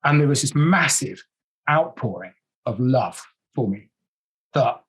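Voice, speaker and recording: Very husky man, earnest guest. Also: mid-range voice, expressive, a bit bright, poor audio. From England. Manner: earnest and emotional, halting with many repeats. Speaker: podcast guest, actor. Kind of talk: casual interview talk.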